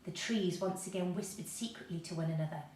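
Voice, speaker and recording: A woman reading a children's story aloud, lively and expressive. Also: fairly low pitch, quick pace, a little hiss or hum. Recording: echoey room, mic at a distance.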